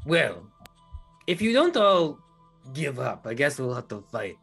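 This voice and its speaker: A man voicing a sinister male creature that eats people, in a put-on Eastern European accent, taunting slowly as game master. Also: medium pitch, big pitch swings, vocal fry, fairly bright tone, soft background music, heavily acted. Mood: menacing taunting. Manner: slow, drawn-out, menacing taunting.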